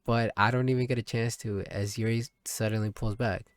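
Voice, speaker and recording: A man streaming a visual novel, reading its lines aloud and shouting profane reactions. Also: fairly low pitch, fairly even intonation, a little fast, smooth, dry recording.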